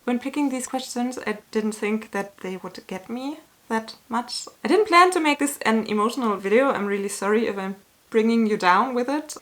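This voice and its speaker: A woman talking to camera as a YouTuber in a candid, earnest way, with slow, searching phrasing and small restarts, sometimes emotional. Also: fairly high pitch, animated. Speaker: YouTuber answering a tag. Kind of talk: casual talk to camera.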